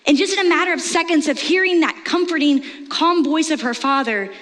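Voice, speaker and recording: Woman pastor, Texan accent, middle-aged, animated sermon storytelling, high-pitched, long hall reverb. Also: a little fast. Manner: lively storytelling, confiding and animated.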